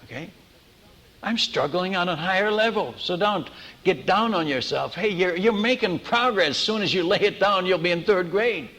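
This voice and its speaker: A fairly high-voiced man preaching a storytelling sermon as a missionary. He talks in an animated way, acting out dialogue and tripping over restarts as he goes. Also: normal speed, long reverb tail.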